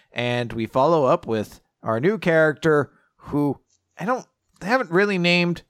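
A man's voice: fairly high pitch, fairly bright tone, dry recording. Dry-sounding man in sarcastic chat. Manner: laughing, sarcastic, acts out characters' lines. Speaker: podcast co-host. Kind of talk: casual chat recapping a manga.

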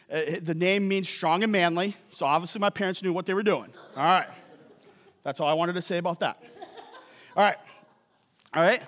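A man's voice: high voice, a bit bright. A man preaching a sermon as a pastor, conversational and joking, often checking in with the congregation by asking "right?". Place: church auditorium. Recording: long hall reverb.

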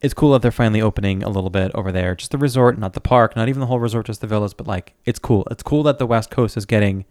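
A man's voice: lowish voice, racing, hardly any pauses, darkish tone, no echo, studio quality. A man co-hosting a podcast, sharing theme-park trivia in an upbeat, casual chat. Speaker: podcast co-host.

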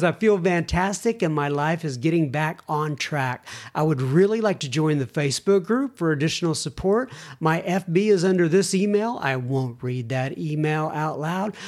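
A man's voice: a little high, darkish tone. Male podcast host, reads listener mail, conversational with chatty asides. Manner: reads letters aloud with asides and self-corrections. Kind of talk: casual podcast talk.

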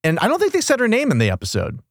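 A man co-hosting a casual chat, animated and laughing often. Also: sits high, very fast, creaky, no room sound, clean studio sound. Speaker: podcast co-host.

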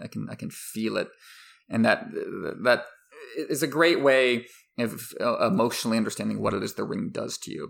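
Gravelly low-voiced man musing. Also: fairly bright tone. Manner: thoughtful, restarts phrases while thinking aloud. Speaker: commentator on a book and its film adaptation. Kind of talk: conversational analysis, partly scripted essay.

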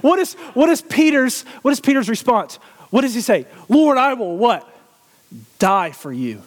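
A man's voice: very high voice, sing-song, normal speed, big-room sound. A man preaching a sermon, asking the congregation questions and often laughing. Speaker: pastor.

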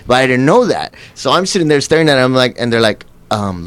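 Male interview guest, mid-range voice, lively storyteller who acts out dialogue. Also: mid-range voice, fairly quick. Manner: animated, acts out quotes with laughs. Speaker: actor guest.

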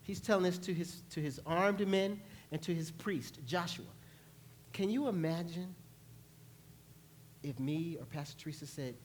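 Man, pastor, sermon, animated, playful, church sanctuary. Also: fairly high pitch, normal speed, pauses often, a little hiss or hum. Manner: animated, playful, acts out voices and laughs with the congregation.

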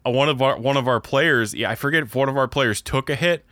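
A man's voice: medium pitch, fast talker, a bit bright, no echo, clean studio sound. A young man from Pennsylvania with a Pennsylvania accent, co-hosting a podcast in casual chat and rambling with many restarts. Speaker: podcast co-host.

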